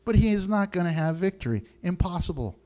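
A middle-aged man preaching a sermon to his congregation in an animated way, laughing often and swinging between low and high tones. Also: fairly quick. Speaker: pastor.

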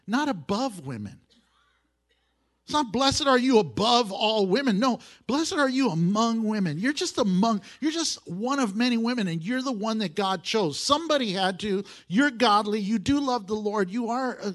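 A male pastor preaching a sermon to his congregation, animated and often laughing as he talks. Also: sits high.

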